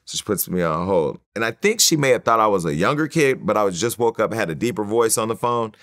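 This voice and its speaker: A man from California, a guest in an interview, telling personal stories in an animated way and acting out the voices of others. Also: lowish voice, fast talker, no room sound, studio quality. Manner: animated storyteller who acts out quoted voices.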